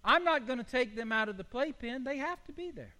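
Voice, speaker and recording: A man's voice: very high-pitched, expressive, fairly quick, bright, forceful tone. An older man, a pastor, preaching a sermon in a folksy, storytelling way with homely illustrations. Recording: long hall reverb.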